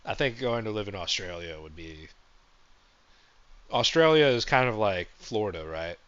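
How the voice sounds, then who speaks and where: A man with a fairly low voice riffs through a loose, sarcastic comedic monologue as a stream host. His deadpan jokes pile up in a rambling way over dull, lo-fi audio. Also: moderate pace.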